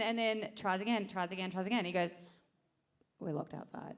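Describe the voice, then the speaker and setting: A woman's voice: medium pitch, moderate pace, clean tone. A young woman telling a comic story on a live stage, acting out her own quotes with lots of energy. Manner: animated, acts out quotes, laughs through story.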